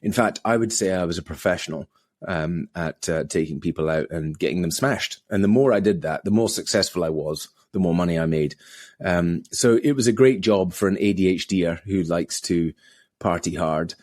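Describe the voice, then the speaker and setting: A middle-aged man, a podcast guest, telling his story in a relaxed conversational way and acting out quoted voices. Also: moderate pace, no room sound, studio quality. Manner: acts out quoted voices with big pitch jumps.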